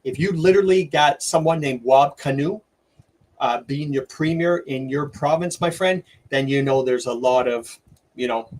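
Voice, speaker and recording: A middle-aged man, hosting a livestream and ranting excitedly, with lots of stumbles and restarts. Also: fairly high pitch, normal speed. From Canada. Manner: excitable, rambling rant with many restarts. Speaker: livestream host. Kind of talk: opinionated livestream commentary.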